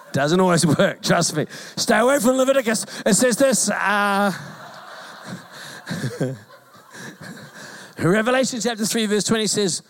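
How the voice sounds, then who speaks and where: Male pastor, New Zealand accent, lively joking sermon delivery, voice sits high. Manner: animated, jokey, mimics calls in a high voice. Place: church hall.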